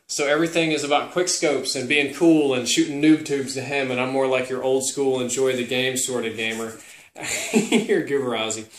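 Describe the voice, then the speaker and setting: A young man answering viewer questions in casual chat to camera. He is upbeat and breaks off now and then to talk softly to his dog. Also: a little high, slight background noise. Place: room at home. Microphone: camera held by his wife. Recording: echoey room.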